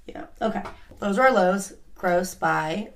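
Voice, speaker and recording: A woman's voice: mid-range voice, a little slow. A woman co-hosting a travel podcast, chatting casually with lots of "like" fillers and easy laughs. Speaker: podcast co-host. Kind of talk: casual chat.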